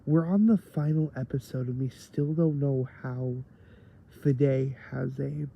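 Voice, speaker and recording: A man's voice: mid-range voice, fairly even intonation, takes it slowly, vocal fry, husky, dull audio. A man giving a rambling casual review of a TV episode, tired late at night and full of fillers.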